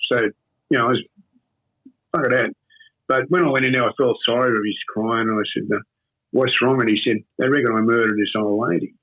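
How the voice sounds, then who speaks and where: Husky older Australian man, phone-thin sound. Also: mid-range voice, fairly even intonation. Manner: rambling, halting, with many fillers and restarts. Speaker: interview guest. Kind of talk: casual storytelling. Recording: tinny phone-like audio.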